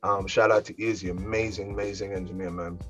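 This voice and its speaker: A man from New York with a New York accent, a rapper chatting casually as an interview guest, animated and full of fillers. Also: deep voice, fairly quick, highs cut off, soft background music. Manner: animated, laughs easily, many fillers.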